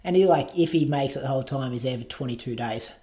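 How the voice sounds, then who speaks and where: A man's voice: mid-range voice, fast talker, dark tone. A man, co-hosting a podcast and reading out news in casual chat. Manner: chatty, reads items aloud. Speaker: podcast co-host.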